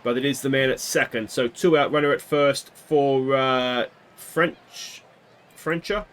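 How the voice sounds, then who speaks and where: A man giving casual play-by-play commentary on a baseball video game he is playing, with bursts of excitement on big hits. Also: mid-range voice, unhurried. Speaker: gaming video host.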